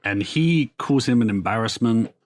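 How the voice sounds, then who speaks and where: A man's voice: fairly low pitch, animated, darkish tone. A man co-hosting a podcast, recapping comic book plots in a rambling, profane, casual way. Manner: rambling, profane storytelling with quick put-on quotes. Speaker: podcast co-host.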